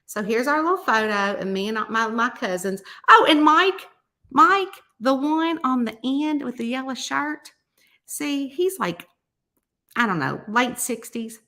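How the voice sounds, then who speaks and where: A woman's voice: fairly high pitch, animated, measured pace, bright, forceful tone. A middle-aged woman, chatting casually and telling a folksy story, acting out the quotes. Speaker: mystery author hosting a weekly chat.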